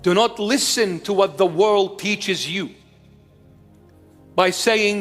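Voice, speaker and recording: High-voiced, slow-preaching man in his fifties. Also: a bit bright, big-room sound, soft background music. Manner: emphatic, repetitive preaching. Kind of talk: sermon.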